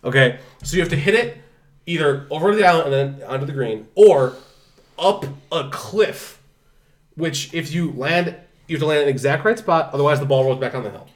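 A man's voice: on the high side, a little fast, far from the mic. A young man co-hosting a podcast, chatting casually and animatedly, cursing often and filling with "like". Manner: animated, swears a lot, many fillers. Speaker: podcast co-host. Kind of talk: casual chat.

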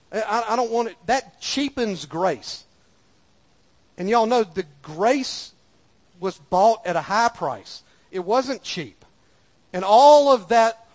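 A man preaching a sermon in a folksy, conversational way, repeating lines for emphasis. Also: high-pitched. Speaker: pastor.

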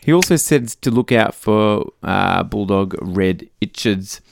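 A man's voice: lowish voice, animated, unhurried, vocal fry, a little hiss or hum. A middle-aged Australian man co-hosting a casual podcast, joking and reading out listener messages. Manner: jokey, reads out listener messages. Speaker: podcast co-host. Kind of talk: casual chat.

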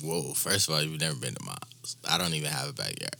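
Teasing man with quick comebacks. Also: rumbling low, animated, vocal fry, pushed and bright. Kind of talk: casual chat.

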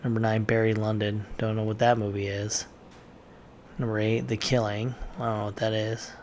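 A man reacting to movie lists shares blunt, offhand opinions in casual commentary, with lots of filler words. His voice is lowish and dark, fairly flat in pitch, at a moderate pace, with a faint hiss or hum.

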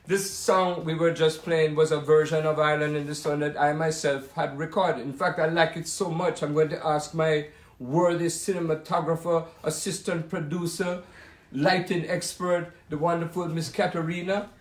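A man's voice: on the high side, little pitch movement, normal speed, echoey room. A man in his seventies with a Jamaican accent, a musician reminiscing at home in a rambling, showman-like monologue. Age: 70s. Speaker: musician hosting a talk session.

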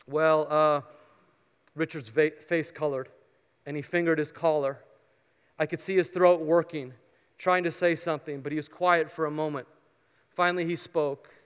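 A male pastor preaching a sermon, telling a story earnestly and then leading a soft prayer. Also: fairly high pitch, clean tone. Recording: long hall reverb.

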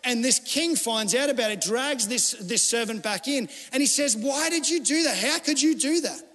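High-voiced pastor in an echoing hall. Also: male voice, lively intonation, moderate pace, fairly bright tone. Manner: conversational storytelling preaching, acting out quoted voices. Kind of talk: sermon. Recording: long hall reverb.

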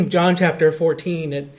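A man's voice: fairly high pitch, steady tone, slow. A male pastor preaching a sermon, explaining a point of scripture in an earnest, teaching manner.

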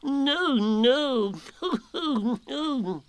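A man's voice: very high voice, expressive, extremely slow, clear, resonant tone, no echo, pitched above the performer's own voice, heavily acted. A man voicing a fussy, self-important old owl in a storybook reading, full of chuckles.

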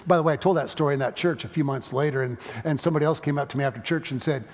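A middle-aged male pastor with a fairly high voice preaches very fast in a church sanctuary. His dynamic sermon swells loud and then drops quiet, carried by a long church-hall reverb.

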